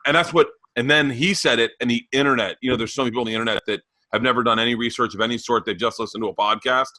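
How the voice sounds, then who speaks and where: Animated storyteller man, bright and dry. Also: mid-range voice, rapid-fire, hardly any pauses, no echo. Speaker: podcast guest. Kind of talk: casual chat.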